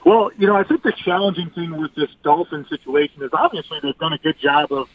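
A man giving measured football analysis as a guest on a sports radio show, heard over a phone line. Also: a little high, no room sound. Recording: tinny phone line, dry.

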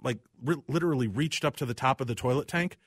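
A man hosting a casual talk show, telling animated, self-deprecating stories about his house. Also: mid-range voice, quick pace, slightly rough, no room sound, clean studio sound. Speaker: radio show host. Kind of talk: casual chat.

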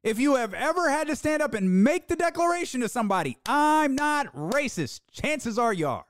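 A podcast host delivers an opinionated, sarcastic sports talk monologue full of mocking put-on quotes and dramatic pauses. His voice is medium-pitched and sing-song, with clean studio sound and no echo.

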